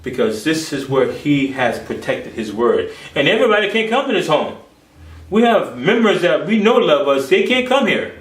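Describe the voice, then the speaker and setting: A man preaches with passion, lurching between loud declarations and hushed asides. His voice sits somewhat high. It is recorded from a distance in an echoey room. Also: big pitch swings, moderate pace. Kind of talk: sermon. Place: home office.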